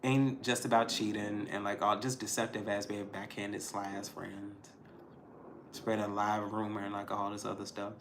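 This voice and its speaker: A man giving a casual tarot reading to his viewers, emphatic and frank, swinging between loud outbursts and low asides. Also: level tone, moderate pace, background noise. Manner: frank and profane, addressing viewers directly. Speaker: tarot reader.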